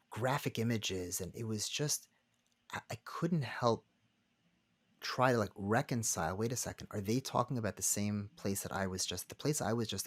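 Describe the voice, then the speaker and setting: Deep-voiced guy, rabbi on a podcast, earnest, stops and restarts a lot, dry close sound. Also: no echo. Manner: earnest, halting, many restarts. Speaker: rabbi and counselor, podcast guest. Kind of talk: conversational storytelling.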